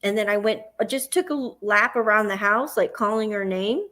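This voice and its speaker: A woman's voice: mid-range voice, brisk, sharp tone. A woman with a Southern US accent, hosting a livestream and telling a long personal story, acting out her own panic in the quoted parts. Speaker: host.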